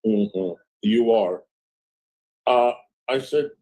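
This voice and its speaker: A man's voice: medium pitch, slow, pauses often, dark tone, slightly rough, rough recording. Sarcastic man reading out texts. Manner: sarcastic, snarky asides. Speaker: livestream host. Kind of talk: casual commentary, reading out text messages.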